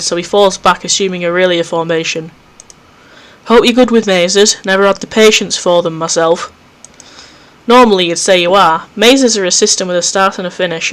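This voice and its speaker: Male let's play host, reads horror game narration aloud, easily spooked, quick self-mocking asides. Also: sits high, a bit bright. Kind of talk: reading a visual novel aloud with commentary. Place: home recording setup.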